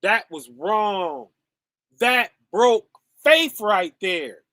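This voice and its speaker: Slow, bright-voiced man preaching emphatically. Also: high-pitched, animated, no room sound, studio quality. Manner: emphatic, peppers lines with "okay?" and "right?"; rhetorical questions, slangy. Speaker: podcast host. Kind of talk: preachy commentary.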